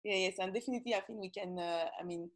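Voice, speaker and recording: Husky french-accented woman on a podcast, pushy and emphatic, lots of uhs. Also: mid-range voice, quick pace. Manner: emphatic, hesitant with many fillers. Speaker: podcast guest, magazine founder. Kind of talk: interview answers.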